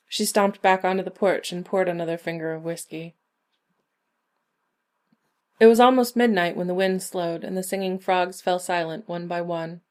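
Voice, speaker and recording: A woman narrating a short story in a measured, even reading. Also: on the low side. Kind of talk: scripted narration.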